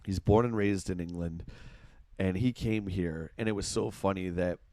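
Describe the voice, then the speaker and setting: A man's voice: sits low, normal speed, a little mellow, dry recording. Middle-aged Canadian male streamer, Ontario accent, chatty, dry close mic. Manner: chatty, reads chat aloud, reacts to gameplay. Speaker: game streamer. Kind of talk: casual live-stream chat.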